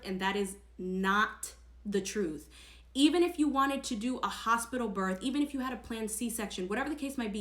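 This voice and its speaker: A woman's voice: mid-range voice, sharp tone. A woman vlogger sharing a personal story to camera in an earnest, emphatic, chatty way. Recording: echoey room.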